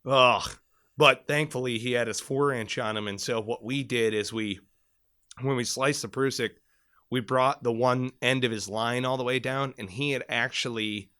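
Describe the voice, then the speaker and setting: A man co-hosting a casual podcast, spinning a long, profane story with lively energy. His voice is bright and forceful. The sound is close and dry, with no room around it. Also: mid-range voice, no echo. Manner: animated, profane, rambling storyteller. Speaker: podcast co-host, former Marine.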